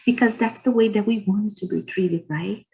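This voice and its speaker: A woman giving an earnest religious lecture as a guest speaker. She tells personal stories in short, gentle phrases. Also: medium pitch, normal speed, gravelly, low-quality recording. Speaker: guest speaker at a spiritist society.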